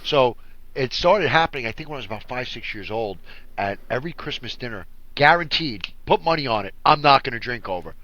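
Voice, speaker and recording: Animated, bright-voiced man telling stories. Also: mid-range voice, brisk, no room sound, muffled recording. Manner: animated storyteller, acts out family members. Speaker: podcast co-host. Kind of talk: casual chat.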